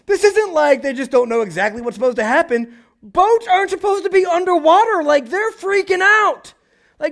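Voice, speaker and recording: A young adult male pastor preaching a conversational sermon, animated, often asking "right?" and acting out quotes. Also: extremely high pitch, moderate pace.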